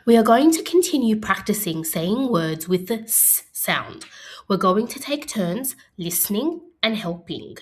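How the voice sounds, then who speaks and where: Slow, clear and encouraging, a woman leads an early-years phonics class in a medium-pitched voice.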